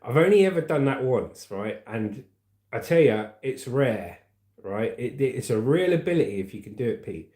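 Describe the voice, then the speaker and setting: A man chats casually on a livestream, rambling along as he reads viewer comments aloud. His voice sits mellow and dark, at a middling pitch. The sound carries the echo of a roomy space. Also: big pitch swings, normal speed. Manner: chatty, rambling, calls viewers mate and brother. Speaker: livestream host reading chat. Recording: roomy echoey room.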